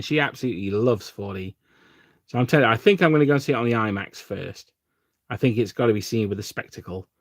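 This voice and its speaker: A man's voice: fairly low pitch, fairly bright tone, dry recording, studio quality. A man from England hosting a casual livestream, chatting with viewers while painting miniatures and rambling with lots of fillers. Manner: rambling and self-deprecating, with frequent fillers. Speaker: livestream host.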